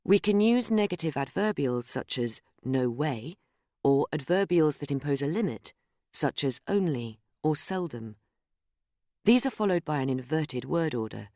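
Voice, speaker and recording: A narrator reading a scripted grammar lesson in a measured, explanatory way, speaking example sentences aloud. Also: medium pitch, lively intonation, warm tone, no echo, clean studio sound. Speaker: course narrator.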